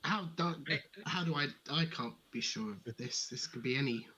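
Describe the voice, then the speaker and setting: A gullible rich gentleman, voiced by a man gushes with polite, stammering praise. His voice is husky and mid-pitched. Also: moderate pace. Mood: effusive. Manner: effusive, polite and hesitant.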